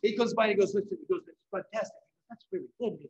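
A middle-aged man giving a live painting demonstration, telling lively anecdotes and acting out what others said. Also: high-pitched, very fast, vocal fry, reverberant, dull audio. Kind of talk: storytelling during a live demonstration. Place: event hall.

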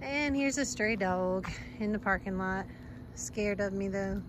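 A woman narrating a casual rescue vlog outdoors at a gas station, talking softly and coaxing stray animals in baby talk. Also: medium pitch, steady tone, moderate pace, noisy background.

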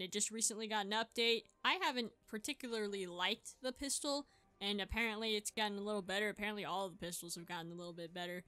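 A woman's voice: medium pitch, no room sound. A woman hosting a gaming channel, giving live gameplay commentary in a chatty, self-mocking way and yelping in bursts. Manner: excitable, yelps and shouts in bursts.

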